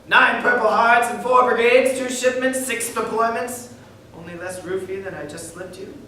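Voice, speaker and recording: A man's voice: extremely high pitch, steady tone, moderate pace, bright, forceful tone, slight background noise. An actor playing a brash, crude young male stand-up comedian, firing off wisecracks on stage. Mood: cocky, joking. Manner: wisecracking, crude joke delivery. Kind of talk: stage acting in a reading. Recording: echoey room from far off.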